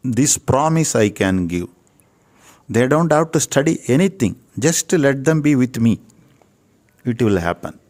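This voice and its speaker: A man's voice: mid-range voice, big pitch swings, a little slow, long pauses, a little mellow. An older man with an Indian English accent, speaking as an interviewed Ayurvedic physician in an earnest, preachy way, repeating phrases for emphasis. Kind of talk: earnest spiritual talk.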